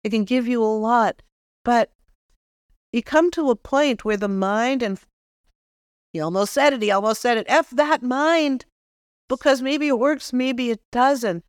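A woman's voice: fairly high pitch, unhurried, long pauses, clear, resonant tone, dry recording, clean studio sound, pitched above the performer's own voice, lightly acted. A woman channeling the cocky, loving spirit of a young man. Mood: reflective. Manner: earnest, reflective, jokes about himself.

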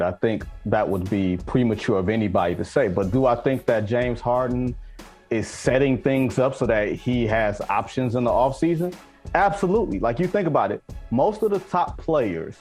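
A man's voice: medium pitch, darkish tone. A man making emphatic points as a sports analyst on a debate show.

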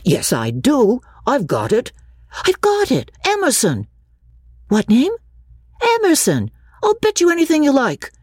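A woman's voice: high voice, huge pitch swings, a little slow, pauses often, a little mellow, husky, no echo, studio quality, pitched above the performer's own voice, heavily acted. A woman voicing a brash, teasing young brother in a dramatic reading of a classic novel.

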